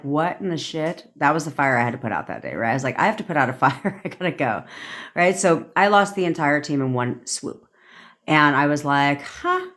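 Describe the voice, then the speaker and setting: Low-pitched and a bit bright, this manifestation coach rants on a livestream. She speaks bluntly, curses freely, and performs the lines she quotes.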